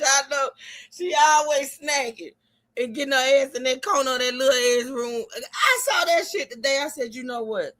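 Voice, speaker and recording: A woman hosting a casual livestream, telling stories loudly, laughing and swearing. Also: high-pitched, normal speed. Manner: loud, laughing, profane, animated storytelling. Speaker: streamer host.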